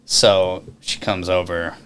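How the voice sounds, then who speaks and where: A man chatting as a podcast guest, telling stories in an animated, profane way and laughing often. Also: low-pitched, slow, a little hiss or hum. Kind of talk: casual storytelling chat.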